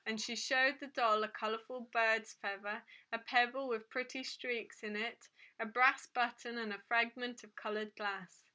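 A woman reads a children's storybook aloud at a gentle, unhurried pace. Her voice sits a little high and sounds bright and clear. She sometimes stumbles and corrects herself without fuss. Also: fairly even intonation. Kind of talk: reading a children's book aloud.

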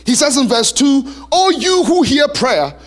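A male pastor preaching a sermon in a church, animated and lively, now and then singing a line. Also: very high-pitched, measured pace. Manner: animated preaching, sings song lyrics and plays voices.

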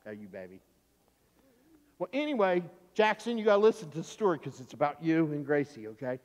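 Animated pastor telling kids a story. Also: male voice, on the high side, a little fast. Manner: animated, playful, acts out the story's voices. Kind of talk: children's sermon storytelling. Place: church sanctuary. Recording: church hall reverb.

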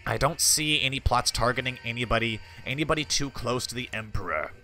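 Lively, bright-voiced man narrating gameplay. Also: mid-range voice, fairly quick, faint music behind. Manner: reads game text aloud in a mock-regal tone; wry, offhand asides. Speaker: gaming channel host. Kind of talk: let's play commentary.

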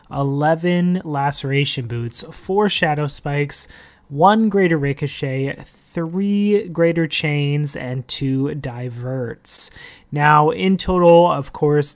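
A man hosting a gaming vlog in a loose, chatty way, full of fillers, speaking into a desk microphone. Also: on the high side. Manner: chatty, loose, heavy on "like" and "you know". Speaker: gaming channel host. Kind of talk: casual game commentary vlog.

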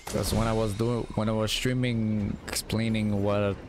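A man's voice: fairly low pitch, little pitch movement, moderate pace, background noise. A sleepy, yawning man streaming a game, rambling to himself in casual gameplay commentary. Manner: rambling, talks to himself while playing. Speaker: gaming streamer.

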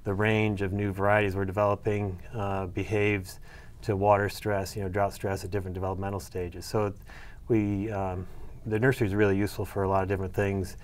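A man's voice: sits low, level tone, brisk. A middle-aged man answering interview questions about his research, hesitant with many fillers and restarts. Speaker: soybean breeder and agronomy professor.

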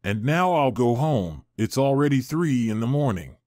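A man's voice: medium pitch, lively intonation, normal speed, a little mellow, no echo, studio quality, natural voice. A narrator voicing an earnest, courteous young man. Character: polite, concerned young man helping a lost girl.

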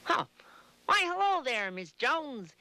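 A woman's voice: high voice, very animated, takes it slowly, sharp tone, exaggerated voice. A woman playing a shy caller who is stuck for words, stammering and hesitant, in a 1970s TV sketch. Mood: flustered.

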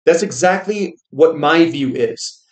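A man hosting a finance channel, giving casual market commentary in a quick, rambling way with frequent restarts. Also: a little high, lively intonation. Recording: roomy echo.

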